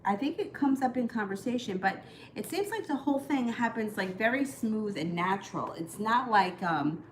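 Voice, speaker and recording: A woman's voice: medium pitch, expressive, moderate pace, slight background noise, rough recording. A woman giving live-streamed tarot readings, talking in a chatty, reassuring way with plenty of ums and you-knows. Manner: chatty, reassuring advice with many fillers. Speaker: tarot reader.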